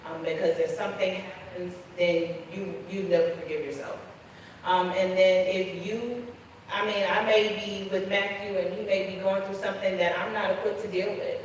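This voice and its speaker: A woman's voice: medium pitch, fairly even intonation, moderate pace, slight background noise. A woman on a discussion panel, firm and advising, with frequent ums. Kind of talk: panel talk giving advice. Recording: echoey hall, mic heard from a distance.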